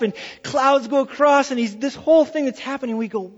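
A male pastor preaching a sermon, telling a personal story in an animated way and dropping to hushed tones for effect. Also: very high-pitched, brisk, hardly any pauses, big-room sound, dull audio.

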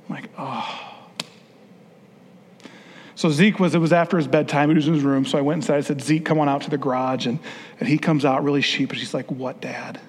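A man with a fairly high, husky voice gives fathers an earnest, conversational, sermon-style talk, often restarting his sentences. The recording carries a long hall reverb.

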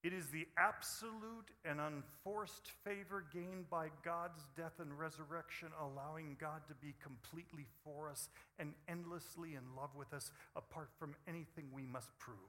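A man preaching a sermon, moving between hushed, intimate passages and loud, emphatic bursts. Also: a little high, steady tone, moderate pace, few pauses, in a large hall. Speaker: pastor.

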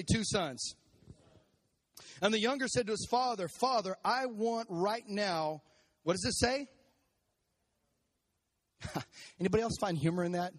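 A man with a notably high voice preaches a sermon, retelling a story with lively energy. He keeps turning to the congregation and prompting them to repeat key phrases back to him. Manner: animated, prompts the audience to repeat lines. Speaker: pastor. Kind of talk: sermon with congregation call-and-response. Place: church service.

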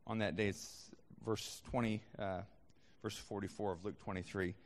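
A man's voice: lowish voice, fairly even intonation, moderate pace, big-room sound. A man preaching a sermon as a pastor, conversational, with frequent restarts and fillers.

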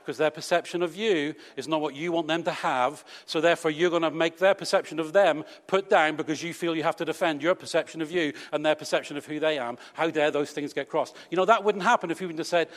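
A British preacher speaks fast and with few pauses, his slightly high voice holding a fairly even intonation. He jokes with his congregation conversationally, asking rhetorical question after rhetorical question. The long reverb of a church hall colors the sound.

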